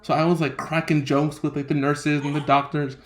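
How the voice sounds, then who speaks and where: A man's voice: on the high side, fairly quick. Young man telling a story, laughing. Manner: laughing often, animated quoting of others. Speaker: podcast host. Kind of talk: casual storytelling chat.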